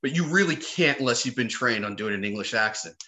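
A man's voice: mid-range voice, expressive, brisk, pushed and bright. A man who works as an actor and comedian, a podcast guest telling stories with animation and casual swearing. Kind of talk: casual conversation.

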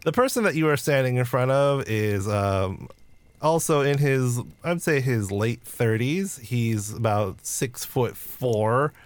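A man's voice: medium pitch, lively intonation, slow. A man narrating as game master in a tabletop game, casual and loose. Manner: casual, with fillers and restarts.

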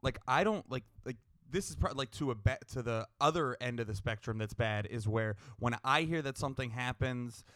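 Bright-voiced podcast co-host. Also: male voice, medium pitch, moderate pace, hardly any pauses, no echo. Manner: chatty, acts out quoted friends. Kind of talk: casual podcast chat.

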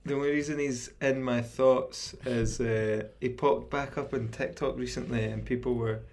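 A man's voice: mid-range voice, steady tone, normal speed, a little mellow. Teasing Scottish man, dry and sweary. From Scotland. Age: young adult. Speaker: comedian guest. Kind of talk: casual chat.

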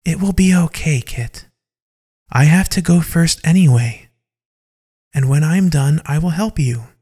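A man voicing a gentle female teammate who reassures a frightened friend. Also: a little high, fairly even intonation, normal speed, creaky, husky, pitched above the performer's own voice. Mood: soothing. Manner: soft, reassuring. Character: gentle soothing woman teammate.

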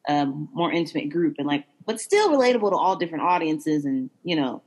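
A young woman co-hosting a podcast, chatting casually and warmly wrapping up the show. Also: low-pitched, lively intonation, a little fast, breathy edge, rough recording. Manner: gushing, upbeat sign-off. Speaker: podcast co-host. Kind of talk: casual chat.

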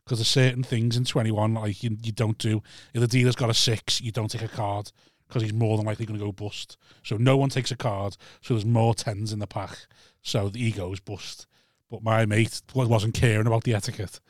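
A man telling a rambling, animated anecdote in casual podcast chat. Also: fairly low pitch, brisk, few pauses, dry recording, studio quality.

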